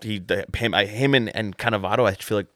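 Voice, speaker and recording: A young man co-hosting a casual soccer podcast, talking in animated bursts with lots of restarts. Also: lowish voice, quick pace, dry recording, clean studio sound. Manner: animated, restarts often, says "man" a lot. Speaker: podcast co-host. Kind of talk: casual sports chat.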